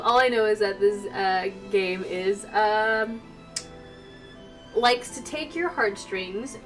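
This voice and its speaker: A woman's voice: mid-range voice, distant mic. A young woman streamer, teary and emotional, reading a game aloud and chatting with laughs and self-mocking remarks. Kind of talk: casual let's play commentary and reading.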